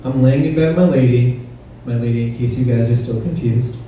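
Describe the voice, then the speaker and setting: Stand-up comic, male, mellow slightly high voice, heard from across a very roomy club. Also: fairly quick, muffled recording. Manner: conversational, crowd-teasing, punchy delivery. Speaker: stand-up comedian. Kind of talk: stand-up comedy set. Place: comedy club stage. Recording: roomy, distant club recording with faint noise.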